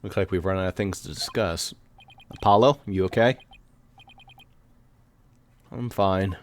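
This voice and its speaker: A man's voice: sits low, fairly quick, slight background noise. A man casually commenting on a story game, joking and swearing while reading lines aloud. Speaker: let's play co-host.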